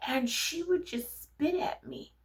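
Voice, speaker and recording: A young adult woman vlogging, telling personal stories in a frank, animated way and swearing freely. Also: high-pitched, slow pace. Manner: frank, profane, animated storyteller. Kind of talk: candid personal storytelling.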